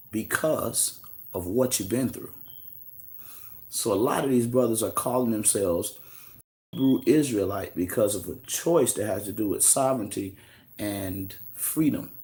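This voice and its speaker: A relaxed American man runs a live stream, calling out viewers by name and taking their questions as they come in. He talks in a casual, slangy, unhurried way, and his voice sits a little low. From United States. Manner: loose and conversational, greets chatters by name, slangy asides. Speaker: livestream host answering viewer questions.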